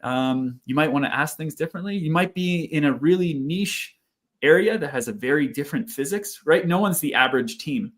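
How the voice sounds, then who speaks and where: A man speaking as a guest researcher in a casual interview, reflective and often laughing softly between phrases. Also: on the high side, expressive, fairly quick.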